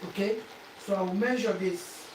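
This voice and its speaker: In her own kitchen, a woman cooks on camera and talks the viewer through every step, repeating instructions over and over. She speaks at a medium pitch and a slightly slow pace, with frying noise and echo in the background.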